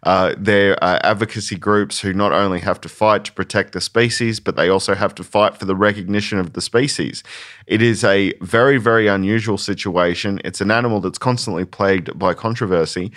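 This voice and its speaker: Low-voiced Australian male podcast host. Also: steady tone, fairly quick, fairly bright tone. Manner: informative, earnest, slightly lecturing. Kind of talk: casual podcast chat.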